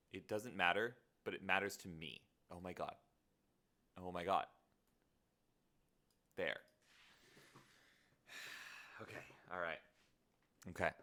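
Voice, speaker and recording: A man's voice: deep voice, fairly even intonation, takes it slowly, long pauses, bright, forceful tone. A man streaming live in casual chat, muttering to himself and joking at his own expense, looping filler words in long strings. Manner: self-mocking, muttering to himself while fiddling with settings.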